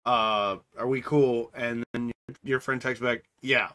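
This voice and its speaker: A middle-aged man co-hosting a podcast in casual chat, rambling and animated, acting out voices as he tells stories. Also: medium pitch, unhurried. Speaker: podcast co-host and streamer.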